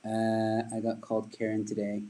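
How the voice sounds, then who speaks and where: A man's voice: fairly low pitch, completely flat delivery, moderate pace, dark tone, rough recording. A man who does stand-up comedy, hosting a casual livestream and rambling while he answers viewer comments.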